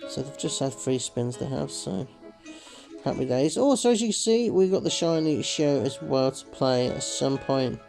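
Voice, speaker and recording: A man's voice: mid-range voice, animated, normal speed, vocal fry, a little mellow, faint music behind, low-quality recording. A man hosting a slot game video, rambling casually to viewers with lots of "sort of" fillers and calling them folks. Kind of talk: casual gameplay commentary.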